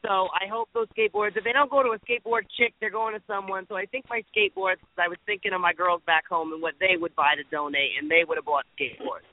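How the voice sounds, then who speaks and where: Man, show guest, relaxed joking chat, high voice, dry tinny phone sound. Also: fast talker, hardly any pauses, no echo. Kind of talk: casual call-in chat.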